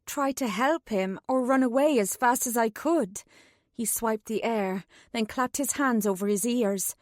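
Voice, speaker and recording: A woman's voice: fairly high pitch, measured pace, no echo. A woman narrating a first-person fantasy audiobook in a tense, urgent way, close to a studio mic.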